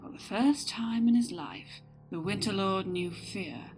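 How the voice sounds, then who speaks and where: A woman narrating a dark folktale in a slow, dramatic storytelling manner, with music behind. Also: mid-range voice, lively intonation.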